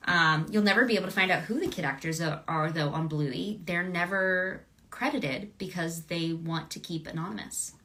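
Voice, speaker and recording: Woman, voice actress, bubbly, chatty, bright tone, casual livestream Q&A. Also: on the low side, normal speed, hardly any pauses. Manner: bubbly, chatty, gushing, laughs often. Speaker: voice actress signing autographs.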